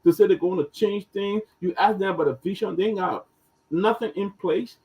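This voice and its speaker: A man's voice: sits high, a little fast, a little mellow. A man on a political panel, indignant and firing rhetorical questions. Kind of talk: political talk show commentary. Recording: distant, husky call audio.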